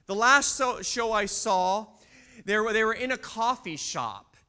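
Bright, high-voiced man preaching. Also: animated, measured pace, smooth. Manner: storytelling, posing questions to the congregation. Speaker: pastor. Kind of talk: sermon.

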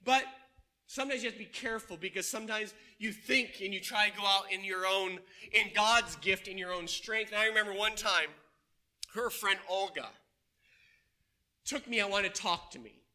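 A man preaching a sermon to his congregation, telling stories in an animated way and asking them questions. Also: high-pitched, normal speed. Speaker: pastor. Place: church.

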